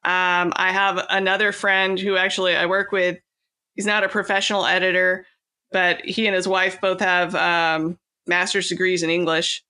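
A woman's voice: lowish voice, flat delivery, moderate pace, pushed and bright. A woman from California, an author and podcast guest, chatting casually and laughing often, with many fillers and restarts. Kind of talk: casual interview chat.

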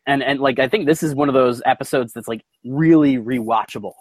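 Fast-talking, rambling man on a podcast. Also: medium pitch, husky, dry recording. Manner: rambling, repeats words as he restarts. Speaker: podcast co-host. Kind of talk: casual podcast chat.

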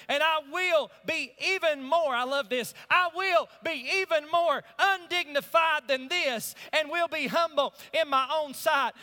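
Man preaching, high voice, dramatic hush then loud, echoey church hall. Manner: preacherly, swings from hushed to shouting. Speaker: pastor. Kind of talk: sermon. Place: church sanctuary.

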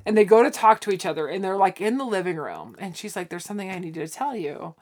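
Animated woman retelling TV scenes. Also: medium pitch, fast talker. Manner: animated, acts out characters' lines while retelling scenes. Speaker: podcast co-host. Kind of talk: casual chat recapping a TV show.

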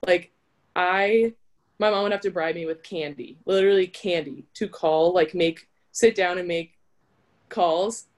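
Chatty young woman telling a story. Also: on the low side. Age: young adult. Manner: chatty, with frequent filler "like". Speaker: interview guest, college volleyball player. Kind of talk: casual storytelling.

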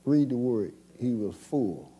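A man preaching a sermon as pastor, moving between hushed passages and shouted calls. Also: medium pitch, animated, takes it slowly. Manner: call-and-response preaching, swings from soft to shouting.

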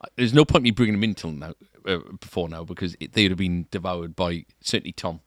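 Talking fast in a low-pitched voice, this guitar shop employee co-hosts the shop's podcast with a chatty, rambling manner and a ready laugh. It's casual conversation, recorded with clean studio sound and no room noise.

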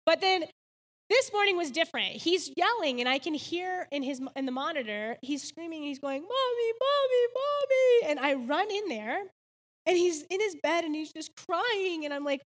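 Speaking at a moderate pace, a woman in her thirties shares an earnest devotional story about her faith. Her voice is high and bright, sprinkled with casual "like"s, and a long reverb lingers after each phrase.

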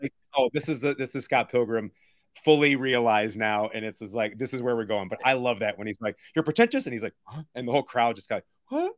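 A man talking casually on a podcast, excitedly retelling and acting out favorite movie scenes. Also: medium pitch, fairly quick, no room sound. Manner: enthusiastic, acts out movie lines. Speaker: podcast guest. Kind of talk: casual chat. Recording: dry close sound.

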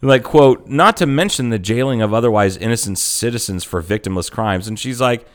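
Irreverent middle-aged man, clear voice. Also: medium pitch, brisk, hardly any pauses. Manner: irreverent, joking, trails off and restarts. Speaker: podcast co-host. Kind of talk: casual chat.

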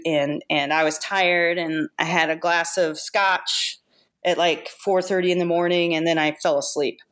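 Woman, lowish voice, makeup artist guest, casual storytelling, lively, laughs a lot. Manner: lively, laughs often while telling stories.

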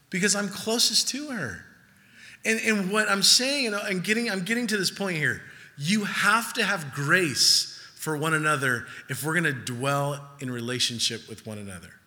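A man preaching a sermon in a conversational, playful way, acting out quick voices as he goes. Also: high voice, animated, sharp tone. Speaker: pastor. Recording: long reverb of a large hall.

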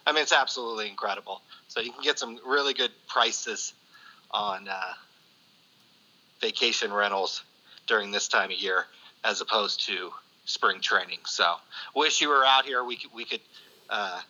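A man joining a podcast remotely as guest, talking in an easygoing, halting way. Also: lowish voice, bright, forceful tone, muffled recording. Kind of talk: casual podcast chat. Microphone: remote call.

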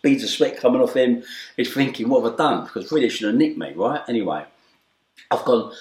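A man's voice: mid-range voice, animated, fairly quick. A middle-aged man telling a story as an interview guest, acting out the voices and swearing casually. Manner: acts out quoted voices, swings from loud shouts to hushed asides; streetwise, swearing, repeated "right?". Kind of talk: animated storytelling. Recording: echoey room.

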